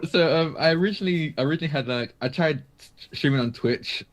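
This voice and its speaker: A man's voice: on the high side, quick pace. A man guesting on a live stream in casual chat, hesitant, with many fillers and small laughs. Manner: hesitant, many ums and likes, chuckles.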